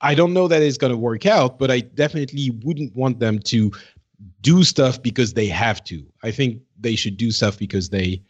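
A man's voice: medium pitch, moderate pace. Man, podcast co-host, thoughtful hesitant chat, muffled lo-fi sound. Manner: thoughtful, hesitant, many restarts. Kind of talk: casual chat.

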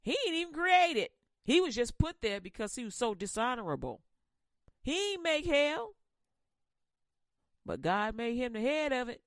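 A woman's voice: on the high side, sing-song, normal speed, long pauses, dry recording. A woman retelling a Bible story as comedy, with playful asides, close to the mic. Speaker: comic storyteller. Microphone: close microphone.

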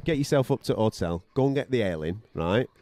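A man's voice: lowish voice, animated, fast talker, a little mellow, dry recording. A male podcast co-host and radio boxing commentator telling a story in casual chat, blunt and profane, acting out other people's voices as he goes.

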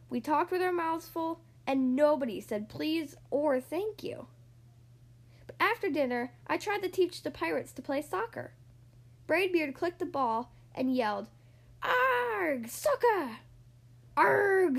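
A woman reading a children's storybook aloud in a lively, expressive way. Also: high voice. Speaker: storybook reader. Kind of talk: storybook read-aloud narration.

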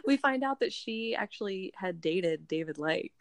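A woman co-hosting a book podcast, recapping a novel in a rambling, animated way full of filler words. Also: mid-range voice, normal speed, no echo. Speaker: book club podcast co-host. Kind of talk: casual chat recapping a novel.

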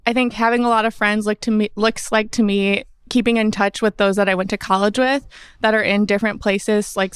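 A woman sharing thoughtfully in a book group, pausing to search for the right words. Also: mid-range voice, clean tone, no room sound, clean studio sound. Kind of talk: casual personal sharing.

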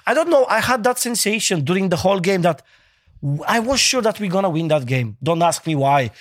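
A man co-hosting a casual podcast, speaking haltingly and searching for words with non-native phrasing. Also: high voice, sing-song, no room sound, clean studio sound. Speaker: co-host.

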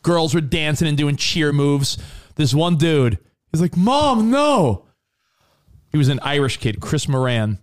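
Animated man telling a story on a radio show. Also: fairly high pitch, moderate pace. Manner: animated storyteller, acts out quotes. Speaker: co-host. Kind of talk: casual radio chat.

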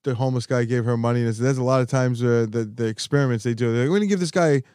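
A man chatting on a comedy podcast, retelling stories in an animated, profane way. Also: mid-range voice, very fast, clear, resonant tone, no room sound, clean studio sound. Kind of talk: casual chat.

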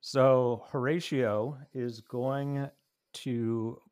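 Guy with a mid voice at a tabletop horror game, casually thinking out loud. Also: medium pitch, fairly even intonation, drawn-out words, clear, resonant tone. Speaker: player.

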